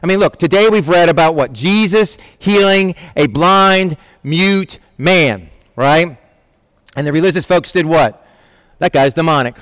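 A man's voice: a little high, expressive, measured pace, a bit bright, no echo, studio quality. Man giving a chatty Bible talk. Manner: conversational, rhetorical questions, acts out quoted voices. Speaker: preacher. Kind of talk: informal Bible teaching.

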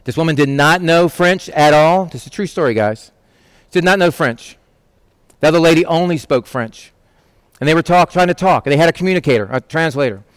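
A man's voice: a little high, brisk, clean tone, no echo, studio quality. A man teaching on a Bible passage in a conversational way, asking rhetorical questions and acting out quoted voices. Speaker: preacher.

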